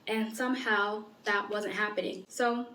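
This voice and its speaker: A woman's voice: medium pitch, fairly even intonation, a little slow, bright, forceful tone. Young woman vlogging, earnest and candid, says like a lot, kinda roomy echo. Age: 20s. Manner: candid, earnest, frequent "like" fillers. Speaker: medical student. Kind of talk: personal vlog storytelling.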